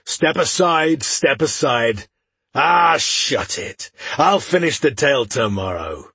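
A man reading an audiobook, voicing a boisterous male dwarf warrior with a growling, gravelly voice and drawn-out words. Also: fairly high pitch, expressive, fairly bright tone, dry recording, heavily acted. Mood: roaring.

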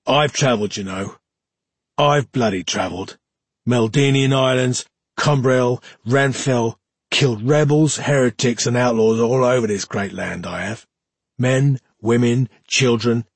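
A man voicing a drunken, bitter older male tracker who slurs and grumbles, with a very husky voice. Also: mid-range voice, measured pace, dry recording. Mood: boastful. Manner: slurred, grumbling.

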